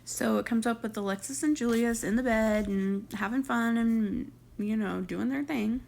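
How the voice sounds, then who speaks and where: A young woman giving a casual recap of reality TV, talking like she is sharing gossip. She is opinionated and chatty, full of side comments. Her voice has a lot of vocal fry. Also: a little high, normal speed, darkish tone.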